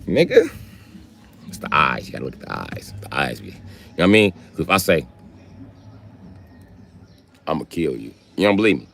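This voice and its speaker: A man hosting a livestream, telling profane comic stories in a loose, animated way into a close mic. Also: extremely low pitch, very fast, vocal fry, faint music behind. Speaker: livestream host. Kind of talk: casual comedic rant.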